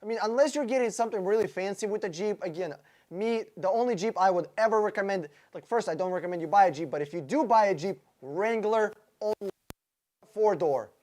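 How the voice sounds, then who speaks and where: A slightly fast, high-pitched man with a darkish tone hosts a live stream answering chat questions about cars. He's casual, blunt, joking and foul-mouthed, reading out and addressing viewers by name, his speech full of fillers and restarts.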